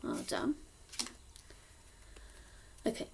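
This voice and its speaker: Teacher lady from cornwall doing phonics for little kids, real slow, bit of gravel in her voice. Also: fairly high pitch, animated. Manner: slow, sing-song teacher talk, sounding out letters. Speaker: primary school teacher. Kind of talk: phonics lesson for young children.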